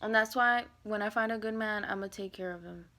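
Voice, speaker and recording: A woman ranting straight to camera in an emotional, rambling monologue. Her pitch sits at an ordinary middle height for a woman. She talks bluntly and profanely, jumping from loud bursts to quiet, breathy whispers. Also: fairly quick. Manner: swings between loud outbursts and hushed whispered asides.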